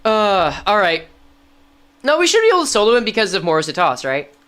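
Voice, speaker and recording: A woman's voice: medium pitch, sing-song, a little fast, a bit bright. Woman thinking aloud while gaming. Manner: thinking aloud, self-correcting. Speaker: game streamer. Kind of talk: casual gameplay commentary.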